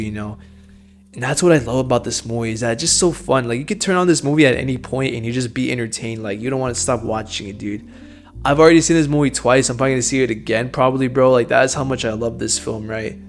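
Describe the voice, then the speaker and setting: A young man hosting a casual film review, enthusiastic and loose, swearing and saying dude a lot. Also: mid-range voice.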